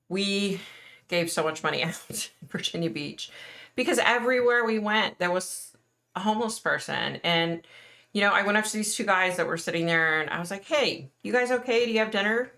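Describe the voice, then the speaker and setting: Chatty middle-aged woman with a bright voice. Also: on the low side, a little fast, creaky. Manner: chatty, earnest, reads and answers viewer comments. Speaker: livestream host. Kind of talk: casual livestream chat with viewers.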